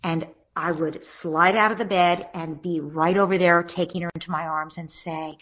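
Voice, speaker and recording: A woman giving calm, step-by-step parenting advice in a podcast interview, often acting out gentle words to children. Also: fairly low pitch, moderate pace, hardly any pauses. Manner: calm, explanatory, acts out gentle parent dialogue. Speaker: parenting expert guest.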